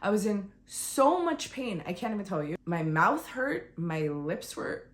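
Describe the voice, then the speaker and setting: A woman telling a raw, emotional personal story on a vlog, on the verge of tears, swinging between quiet and heated. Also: medium pitch, very animated, unhurried, reverberant. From United States. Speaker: vlogger.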